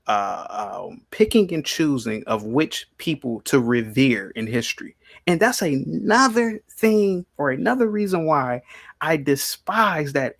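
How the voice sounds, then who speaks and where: A man's voice: a little high, creaky, no echo, clean studio sound. A man hosting a podcast in a heated debate, arguing and pressing his questions over and over. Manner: argumentative, repeats questions insistently. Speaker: podcast host. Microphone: studio microphone.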